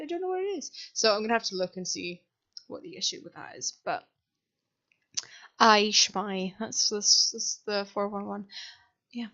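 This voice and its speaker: Young woman, casual rambling voiceover, self-deprecating, mid-pitched, slightly dull desk-mic sound. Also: sharp tone. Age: young adult. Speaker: sims builder voiceover. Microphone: desk microphone.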